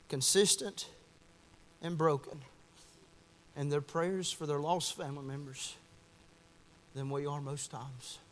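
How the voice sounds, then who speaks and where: Fiery high-voiced preacher. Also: male voice, long reverb tail. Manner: impassioned, swings from shouting to hushed. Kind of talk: fiery sermon. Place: church at a Wednesday night service.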